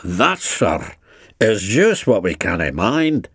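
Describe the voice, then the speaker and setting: A man's voice: on the low side, sing-song, takes it slowly, fairly bright tone, breathy edge, no echo, studio quality, exaggerated voice. A man voicing a pair of solemn male Scottish engine twins who talk in a sly, evasive, respectful way. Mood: sly innocence.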